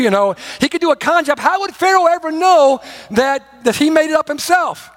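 A man preaches with a notably high voice, pressing his points with emphasis. His delivery swings from loud declarations down to hushed, slow lines. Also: expressive. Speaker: pastor. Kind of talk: sermon.

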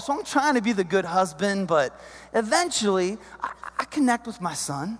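Animated high-voiced man telling a comic story. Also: moderate pace. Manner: animated, chummy, addresses the guys. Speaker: comedic storyteller. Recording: echoey hall, long reverb.

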